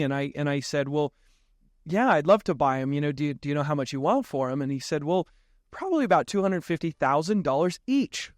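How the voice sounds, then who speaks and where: A man guesting on a podcast, spinning an animated story and acting out the dialogue as he goes. His voice sits a little high, and he laughs often. The sound is dry and close to the mic. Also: dry recording. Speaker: podcast guest, real estate investor. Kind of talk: casual storytelling interview.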